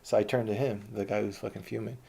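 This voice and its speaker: A man's voice: lowish voice, flat delivery, quick pace, vocal fry, mellow, slightly rough. A man telling a long personal story in a casual, rambling, profane way.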